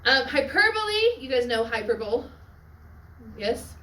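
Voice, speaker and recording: A woman teaching a Latin class on literary devices, often checking in with her students and adding quick asides. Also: high-pitched, big pitch swings, sharp tone. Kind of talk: classroom lecture. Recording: echoey classroom from far off.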